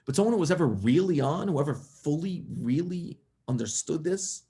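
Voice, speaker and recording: Gravelly rabbi telling a passionate story. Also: male voice, a little high, normal speed. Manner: animated, building to passionate raised voice. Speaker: rabbi, guest speaker. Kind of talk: storytelling talk.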